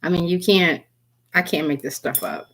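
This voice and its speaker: Her voice is lowish and a bit bright, at normal speed, as she reads tarot cards for a live stream audience. She talks to viewers by name, giggles a lot, and keeps laughing and apologizing.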